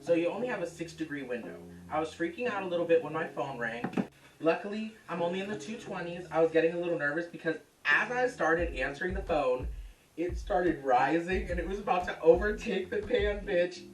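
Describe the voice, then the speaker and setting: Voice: mid-range voice, expressive, a little fast, far from the mic. Brief: brash, chatty home cooking host projecting to the camera mic from across an echoey kitchen, music under it. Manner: loud projected voice, profane, chatty. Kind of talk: casual cooking show chat. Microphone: camera's built-in mic.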